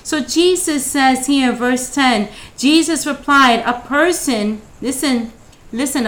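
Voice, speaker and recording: A woman's voice: high-pitched, fairly bright tone. A woman leading a devotional Bible study, reading verses and rising into fervent prayer.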